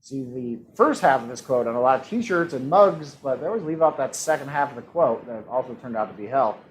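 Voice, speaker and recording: A man's voice: medium pitch, expressive, a little fast, rough recording. A man hosting a live-streamed trivia game, reading questions and answer options in a playful, teasing way. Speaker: trivia host.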